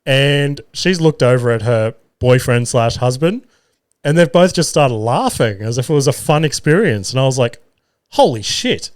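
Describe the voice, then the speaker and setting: An Australian man tells stories on his own podcast, swearing freely and poking fun at himself with lively energy. His voice sits at an ordinary middle pitch for a man. The sound is close and dry, with almost no room around it. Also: normal speed, smooth, no echo. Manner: profane, animated, self-mocking. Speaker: podcast host. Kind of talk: casual storytelling monologue. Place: single-car garage studio. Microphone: studio mic.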